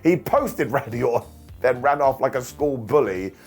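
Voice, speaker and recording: A man recapping a wrestling show in an energetic, jokey casual way, often laughing and mocking himself. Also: medium pitch, moderate pace, gravelly, husky, faint music behind.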